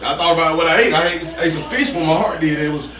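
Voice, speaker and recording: A man telling a story in a casual, animated way, repeating himself for emphasis, as a podcast guest. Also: fairly high pitch, quick pace. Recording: roomy, distant mic with background noise.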